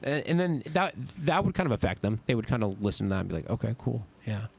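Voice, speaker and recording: A man's voice: medium pitch, sing-song, quick pace, vocal fry, slightly rough. A young man in his twenties from California, a podcast guest and army sergeant telling casual, rambling stories full of "like.". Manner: rambling, filler-heavy with frequent "like". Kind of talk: casual storytelling.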